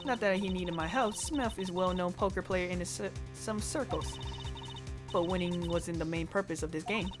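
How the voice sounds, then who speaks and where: A woman's voice: fairly low pitch, moderate pace, over music, lightly acted. A woman voicing a brash, confident con-artist card dealer with a put-on New York accent.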